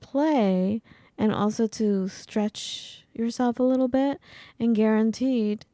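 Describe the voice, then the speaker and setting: A woman's voice: fairly high pitch, slow pace, dark tone, dry recording, clean studio sound. A woman co-hosting a friendship podcast, chatting casually and playfully. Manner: playful, laughs often. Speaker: podcast co-host. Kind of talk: casual chat.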